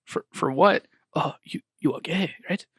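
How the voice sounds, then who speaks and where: A man putting on the voice of an old male shopkeeper with a Korean accent, speaking halting, broken English. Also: fairly high pitch, husky, dry recording, studio quality. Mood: puzzled. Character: old male immigrant shopkeeper, blunt and puzzled.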